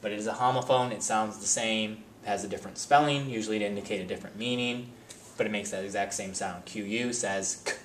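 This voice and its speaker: A man teaching a spelling lesson, reading word lists slowly and sounding out each word with care. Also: fairly low pitch, a little hiss or hum. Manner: slow, deliberate word-by-word enunciation.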